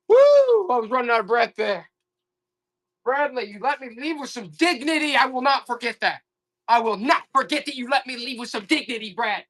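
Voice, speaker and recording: A live online auction seller doing comic, exasperated hype, repeating offers and pleading with the audience. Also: sharp tone. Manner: repetitive, urgent pitch talk. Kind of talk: live selling stream patter.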